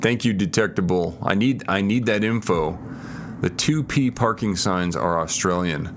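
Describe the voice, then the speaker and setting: A man's voice: deep voice, moderate pace, a little hiss or hum. A man streaming a geography guessing game, thinking aloud, hedging his guesses and answering viewer comments in casual chat. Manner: reads viewer comments and replies. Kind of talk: casual live-stream chat while gaming.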